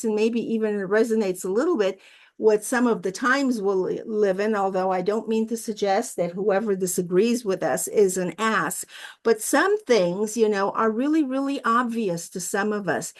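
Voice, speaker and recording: A woman's voice: medium pitch, normal speed. A woman guest minister giving a sermon over a video call, with friendly asides and a storytelling manner. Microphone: video call mic.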